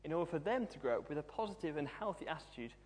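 A man's voice: a little high, lively intonation, rapid-fire, darkish tone, slight background noise. A young man in his twenties preaching a sermon, humorous and self-deprecating as he tells stories. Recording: long hall reverb.

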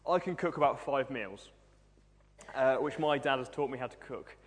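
A man's voice: medium pitch, normal speed. A young man in his twenties preaching a sermon, humorous and self-deprecating as he tells stories. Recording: long hall reverb.

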